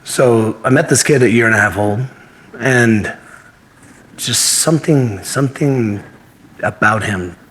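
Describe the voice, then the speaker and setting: Here the voice is mid-range and fairly bright, a little slow, with frequent pauses and slight background noise. It belongs to a martial arts instructor in his fifties who, as an interview guest, tells earnest anecdotes from his life and acts out what others said.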